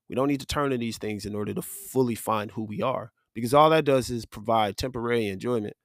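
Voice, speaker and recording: A man's voice: medium pitch, no room sound, studio quality. A man hosting a podcast, giving an earnest, conversational faith-based monologue. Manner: earnest, conversational, with frequent "like" and "you know". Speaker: podcast host.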